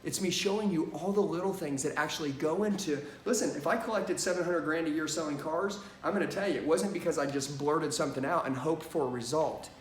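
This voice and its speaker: A man's voice: a little high, brisk, hardly any pauses. A man teaching a sales lesson, emphatic and punchy, often asking "okay?" and saying "watch this". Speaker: sales trainer. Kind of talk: energetic sales training lesson. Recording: echoey room from a distance.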